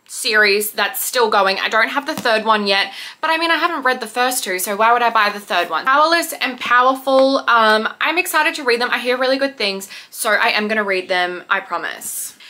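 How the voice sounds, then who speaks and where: A young woman talks casually to her viewers, rambling and poking fun at herself. Her voice sits fairly high and sounds bright and forward. The delivery is loose and conversational, like a relaxed vlog. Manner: chatty, rambling, self-deprecating. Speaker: book vlogger. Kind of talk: casual chat to camera.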